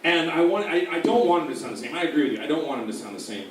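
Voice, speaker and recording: A man's voice: on the high side, racing. A man speaking as a voice actor at a convention panel, rambling and joking through audience questions. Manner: rambling, jokey, animated. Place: large convention room. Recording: very echoey hall, distant mic, faint noise.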